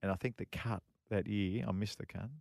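A man's voice: lowish voice, steady tone, fairly quick, gravelly, darkish tone, dry recording, clean studio sound. A middle-aged man co-hosting a radio chat, telling long rambling stories full of repeats and fillers. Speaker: co-host and former pro golfer. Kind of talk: casual radio chat, storytelling.

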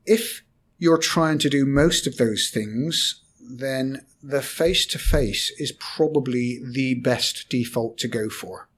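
A man, a corporate trainer explaining communication in a podcast discussion, measured and hesitant at times. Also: medium pitch, fairly bright tone, slightly rough.

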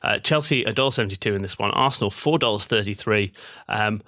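A man's voice: on the low side, fast talker, bright, forceful tone, dry recording, studio quality. A man hosting a casual sports betting podcast, rambling and self-deprecating with lots of ums. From Manchester, England. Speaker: podcast host.

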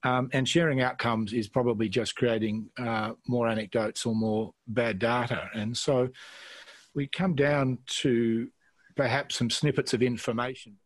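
A man's voice: medium pitch, fairly even intonation, a little slow, dry recording. Australian male questioner, hesitant and self-deprecating, dry close sound. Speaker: panel questioner. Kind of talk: conference discussion.

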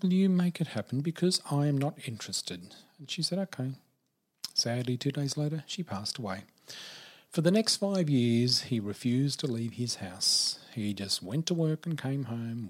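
Husky older man telling a story. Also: mid-range voice. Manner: animated, acts out quoted voices. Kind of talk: personal storytelling.

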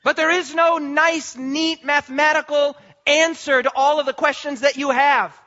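High bright-voiced male preacher. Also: fairly even intonation, dull audio. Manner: impassioned, slow emphatic preaching with repetition. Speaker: pastor. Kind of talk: sermon.

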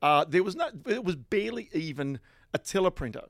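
Gravelly Australian man telling yarns. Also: high-pitched, fairly quick, no room sound, clean studio sound. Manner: animated anecdotal storyteller, chuckling asides. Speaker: guest, finance journalist. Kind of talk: casual storytelling interview.

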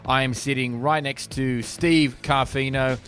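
A man's voice: mid-range voice, steady tone, a little slow, a bit bright, soft background music. A man hosting a casual sports podcast, chatty, laughing easily and often restarting his sentences. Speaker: podcast host.

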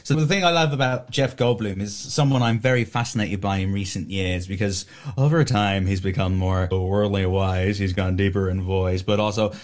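A man's voice: on the low side, moderate pace. A man with a nasal voice, a voice director and actor, chatting and laughing in an interview over a video call. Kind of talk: casual interview.

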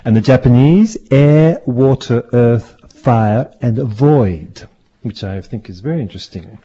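A man's voice: medium pitch, lively intonation, a little slow, dark tone, breathy edge. A man presenting a radio segment, telling history in a jokey, rambling, self-mocking way. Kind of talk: playful casual chat. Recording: dull lo-fi radio recording.

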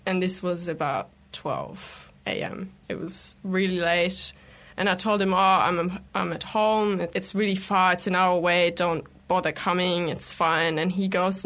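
A woman's voice: lowish voice, a little slow. A woman telling a personal story in a casual, chatty way, acting out quoted lines as she goes. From lives in London. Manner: chatty, animated retelling with acted quotes. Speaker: interviewee telling her story.

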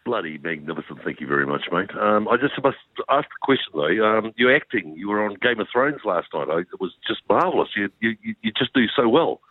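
Deep-voiced hammy caller. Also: male voice, very animated, brisk, no echo. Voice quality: deep, theatrical radio-style voice. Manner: hammy, over-the-top praise. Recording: muffled phone line.

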